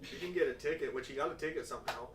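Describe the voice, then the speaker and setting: A man's voice: medium pitch, racing. Profane man telling stories in a roomy room. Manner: profane, animated storyteller acting out quotes. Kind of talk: casual storytelling chat. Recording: roomy, distant mic with faint noise.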